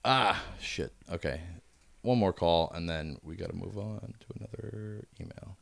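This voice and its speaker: A man's voice: deep voice, moderate pace, creaky, a bit bright, no echo. A man with a Long Island accent hosting a casual prank-call stream, rambling, swearing and laughing often.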